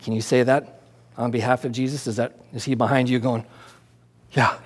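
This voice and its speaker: A man's voice: medium pitch, little pitch movement, brisk, big-room sound, very noisy. A man preaching a conversational sermon as pastor, with demonstrations.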